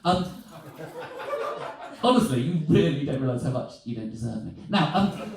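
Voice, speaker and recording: A man's voice: medium pitch, animated, normal speed, creaky, pauses often, heavy reverb, recorded from a distance, crowd noise. A man doing stand-up comedy before a live audience, chatty and self-mocking, swearing freely.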